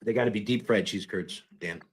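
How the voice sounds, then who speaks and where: A man hosting a whisky tasting show, casual and teasing, with many halting fillers. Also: on the low side, breathy edge. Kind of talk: casual banter.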